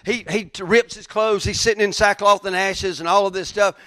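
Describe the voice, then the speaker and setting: Male preacher, high-pitched, bright and dry, chatty storytelling sermon. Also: steady tone, brisk, hardly any pauses, dry recording. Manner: folksy, conversational, acts out characters' lines.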